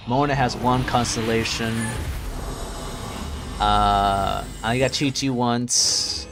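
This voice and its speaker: A man streaming a video game, chatting casually with his viewers and muttering to himself as he searches through menus. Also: mid-range voice. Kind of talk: casual gameplay chat.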